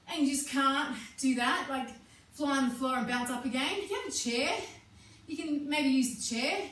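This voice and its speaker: Out of breath woman fitness coach cheering everyone on, really high voice, super echoey room, mic kinda far. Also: a little hiss or hum. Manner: energetic, cheering, whooping encouragement. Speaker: fitness instructor. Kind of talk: live workout class coaching.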